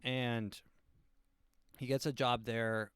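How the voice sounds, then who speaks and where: Man with a smooth, dry voice. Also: mid-range voice, slow pace, no room sound. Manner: rambling, animated, acts out quotes in silly voices. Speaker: podcast host. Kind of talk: casual book review monologue.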